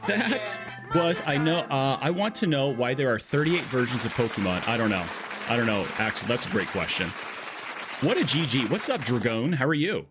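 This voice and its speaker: A man's voice: mid-range voice, very animated, fairly quick, music in the background, a crowd in the background. A man streaming a game live, chatty and jokey, greeting and thanking his viewers. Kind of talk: live-stream chat while playing.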